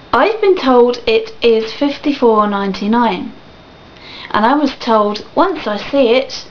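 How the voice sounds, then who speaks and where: A woman's voice: fairly high pitch, slight background noise. A young woman ranting animatedly on a video blog, swearing and laughing often. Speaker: vlogger. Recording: dull lo-fi webcam audio.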